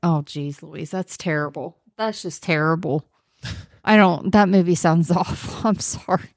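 Low-pitched wry woman podcast guest. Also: a little slow, no echo, clean studio sound. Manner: wry, defensive, laughs often. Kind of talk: casual chat.

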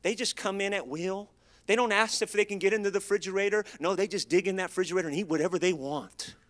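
A middle-aged pastor with a notably high voice delivers a sermon at a fast clip. His style is folksy and conversational, filled with homely stories and call-and-response lines for the congregation.

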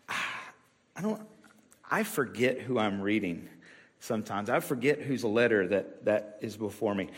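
A man's voice: lowish voice, animated, a little slow, a bit bright, big-room sound. A man preaching a sermon to his church in a loose, conversational way, with frequent fillers and restarts. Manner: casual, rambling with many fillers and restarts. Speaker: pastor. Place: church sanctuary.

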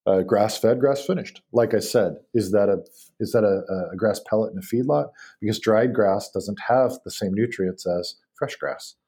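A man talks casually as a podcast guest and slips easily into animated anecdotes. His voice sits low and warm, with a slightly husky edge. He speaks in loose runs broken by fillers and restarts. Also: normal speed. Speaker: guest expert on beef.

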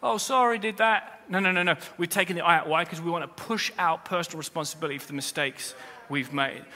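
A man preaches as pastor in a fairly high, steady-toned voice, talking fast. He addresses the congregation head-on, mixes in humor, and climbs to loud, emphatic moments, all carried by a large hall's long reverb.

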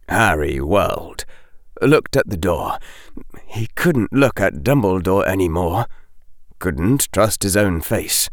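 A man narrating an audiobook with expressive delivery and acting out each character's voice. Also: low-pitched, slow pace, no echo, studio quality.

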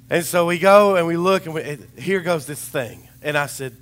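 Chatty, hoarse male preacher. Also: on the high side, brisk, a bit bright. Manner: chatty, rambling storytelling with humor. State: hoarse, recovering voice. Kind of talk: sermon.

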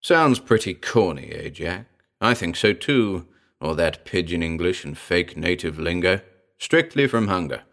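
A man voicing a gruff, educated talking male gorilla with a growling, slangy, wisecracking manner in an audiobook. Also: sits low, very animated, measured pace, a bit bright, full character voice. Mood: wry. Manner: slangy, laid-back wisecracking. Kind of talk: audiobook character voice.

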